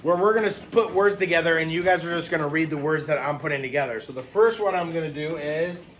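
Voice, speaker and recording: A man teaching a phonics lesson to young children, patient and slow, repeating each word. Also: fairly high pitch, a bit bright, roomy sound, a little hiss or hum. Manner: patient, explains words slowly and repeats them.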